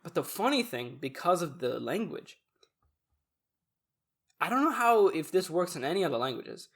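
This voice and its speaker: A man's voice: fairly high pitch, big pitch swings, normal speed, a bit bright, breathy edge. A young man co-hosting a podcast who explains ideas earnestly in casual chat, stopping to give examples. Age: young adult. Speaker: podcast co-host.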